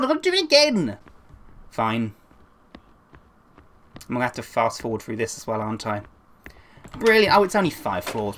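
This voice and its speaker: A woman's voice: extremely low pitch, a bit bright, slight background noise. A young woman commentating a horror game, jumpy and swearing when scared, with dry asides. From England. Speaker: gaming YouTuber. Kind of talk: let's play commentary.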